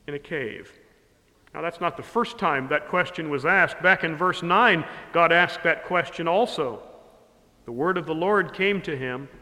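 Male preacher, measured and unhurried, sharp ringing voice, reverberant hall sound. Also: fairly high pitch. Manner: slow, deliberate preaching with wide swings from loud to hushed. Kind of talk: sermon.

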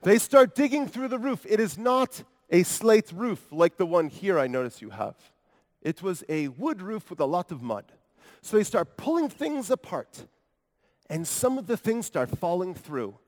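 A preacher with a high voice and big pitch swings takes his time as he plays a paralyzed grown man from Capernaum in a dramatic first-person monologue. He's earnest and wry, turning aside to address the congregation, and the hall adds a long reverb.

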